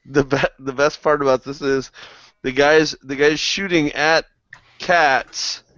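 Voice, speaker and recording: A man's voice: on the high side, steady tone, takes it slowly, fairly bright tone, dry recording, lo-fi sound. A man hosting a firearms news podcast, commenting casually in a rambling, joking way. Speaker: podcast host.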